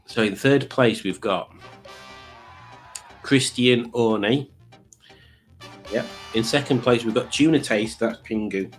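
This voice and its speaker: A middle-aged man hosts a live quiz stream in casual chat. He rambles, teases and pokes fun at himself. His voice sits at an everyday middle pitch. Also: takes it slowly, long pauses, soft background music. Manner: chatty, rambling, teasing and self-mocking. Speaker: livestream quiz host.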